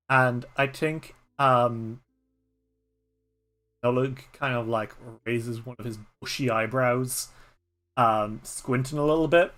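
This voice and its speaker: Slow, rambling Irish man. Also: mid-range voice, steady tone, a bit bright. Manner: slow, rambling, with many fillers. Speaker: game master and streamer. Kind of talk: narrating a solo tabletop game.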